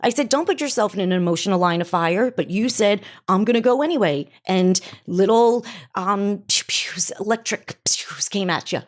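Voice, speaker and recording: A woman's voice: medium pitch, normal speed, hardly any pauses. Middle-aged woman, blunt podcast co-host, emphatic, repeats her lines. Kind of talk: casual chat.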